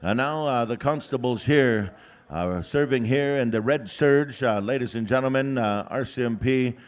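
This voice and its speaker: Joking male powwow emcee. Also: medium pitch. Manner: drawn-out announcing of names, many "uh" fillers, joking asides. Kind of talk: live announcing with jokes. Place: outdoor powwow grounds.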